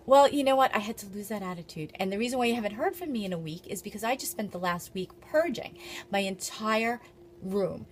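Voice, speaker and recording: A woman's voice: mid-range voice, fairly quick, slight background noise. A middle-aged woman talking to her camera in a casual, motivational way, earnest and confessional, repeating phrases for emphasis. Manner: emphatic, repeats herself for stress. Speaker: vlogger and small business owner.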